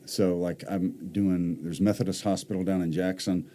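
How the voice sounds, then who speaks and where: Deep, mellow man. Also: flat delivery, moderate pace. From Mississippi. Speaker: voice actor guest. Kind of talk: casual podcast interview.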